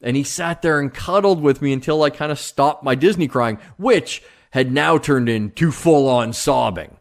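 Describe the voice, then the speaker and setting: A man's voice: medium pitch, moderate pace, gravelly. A man hosting his own podcast, talking casually on his own in a rambling, jokey way with lots of fillers and restarts. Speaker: podcast host. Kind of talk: casual solo monologue.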